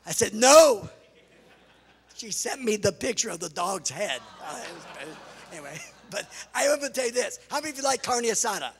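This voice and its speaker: A middle-aged American man, a pastor and missionary, telling lively stories with laughs and exclamations in a sermon to a congregation. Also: sits high, a little fast, a crowd in the background. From United States. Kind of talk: sermon storytelling with slides. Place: large church hall before a congregation. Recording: reverberant church hall.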